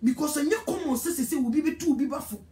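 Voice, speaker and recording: Ghanaian lady preacher scolding hard, pretty high voice, roomy echo. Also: fast talker, mellow. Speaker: evangelist. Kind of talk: sermon.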